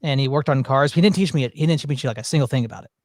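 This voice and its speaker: A man's voice: medium pitch, rapid-fire, no room sound. A man hosting a casual chat, telling rambling stories with many fillers and restarts. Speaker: podcast host.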